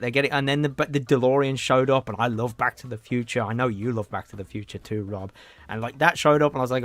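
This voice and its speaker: A man's voice: medium pitch, animated, a little fast, fairly bright tone. A man chatting casually on a game livestream, rambling and answering his chat. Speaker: game streamer.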